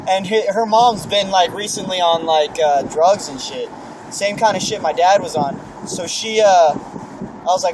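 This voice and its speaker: A man's voice: high-pitched, normal speed, noisy background. A young man rambling through a spooky story in casual chat, swearing a lot, recorded outdoors.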